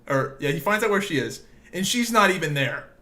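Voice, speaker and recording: A young man hosts a casual podcast and tells his story with animated, laughing energy and plenty of swearing. His voice sits high and bright. His pitch jumps all over the place. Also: fairly quick. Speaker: podcast host. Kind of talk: casual chat.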